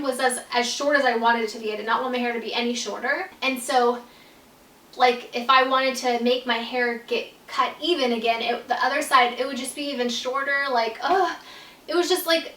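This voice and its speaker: A woman's voice: high voice, bright, forceful tone, recorded from a distance. A young woman telling a casual storytime to her vlog audience, peppering every phrase with "like" and swearing freely. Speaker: YouTuber telling a personal story. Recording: roomy echo, voice set back from the mic.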